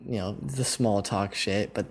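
A man's voice: lowish voice, measured pace. A young man hosting a podcast, telling a casual, rambling story full of "like" and "you know.". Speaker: podcast host.

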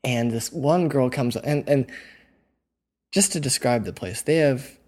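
A man's voice: mid-range voice, measured pace, a little mellow. A young man hosting a podcast, telling a casual, rambling story full of "like" and "you know.". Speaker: podcast host.

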